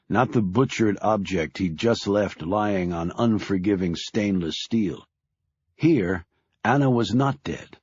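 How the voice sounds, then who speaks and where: A husky male voice narrating a thriller audiobook, grave and measured, with a lively rise and fall in pitch. The sound is dry and slightly dull, close to the mic. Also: no echo. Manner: grave, measured, dropping low on sad lines.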